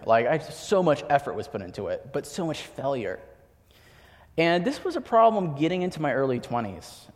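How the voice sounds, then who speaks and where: A young man giving a sermon, telling personal stories in a casual, chatty way with lots of filler words. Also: medium pitch. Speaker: preacher. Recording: long hall reverb.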